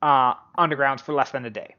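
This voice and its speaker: Halting game master, dull lo-fi sound. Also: medium pitch, fairly even intonation, sharp tone. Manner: halting, many fillers. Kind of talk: narrating a tabletop game.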